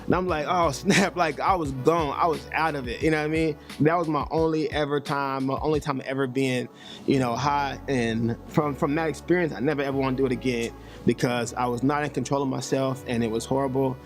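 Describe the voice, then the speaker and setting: A touring rapper telling a wild story in an animated way, acting out the people in it. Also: male voice, mid-range voice, fairly quick, soft background music. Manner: animated storytelling, acts out voices.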